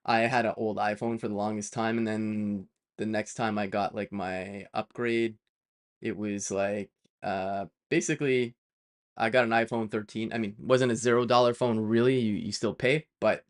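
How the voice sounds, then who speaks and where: A developer live-streams his coding while chatting casually in a lowish, steady voice at a moderate pace. He rambles with lots of fillers and self-corrections and drifts into playful side tangents.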